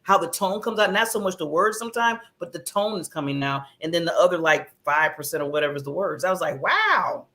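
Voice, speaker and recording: A woman's voice: fairly low pitch, quick pace, hardly any pauses. Chatty laughing female co-host. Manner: animated storytelling, acts out quotes, laughs often. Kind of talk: casual chat.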